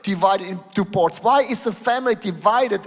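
A man preaching a sermon as pastor in a church hall, emphatic, dropping his voice low and then rising to loud exclamations. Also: moderate pace. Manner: emphatic, switching between lowered tones and raised exclamations. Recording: long hall reverb.

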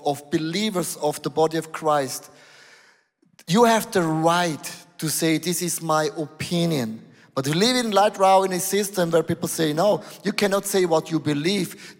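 A man preaching a sermon as pastor in a church hall, emphatic, dropping his voice low and then rising to loud exclamations. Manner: emphatic, switching between lowered tones and raised exclamations. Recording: long hall reverb.

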